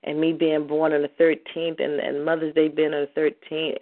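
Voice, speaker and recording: A woman's voice: deep voice, monotone, normal speed, few pauses. A woman hosting a spiritual call-in talk show, overwhelmed and near tears, who keeps breaking into laughter. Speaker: host. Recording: phone-line call-in audio.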